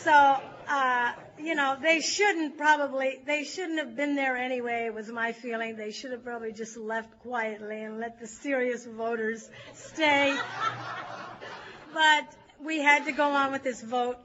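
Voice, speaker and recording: A woman with a high, bright voice tells a story to a group, animated and quick to laugh. Her voice comes through a dull, lo-fi recording. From California. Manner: lively, laughs often, acts out shouting crowds. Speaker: speaker sharing a recovery story.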